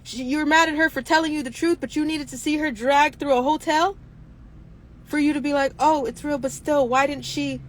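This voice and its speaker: A woman's voice: high voice, steady tone, a little fast, a little hiss or hum. A woman hosting her own show, speaking in an impassioned monologue full of indignant rhetorical questions. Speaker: show host.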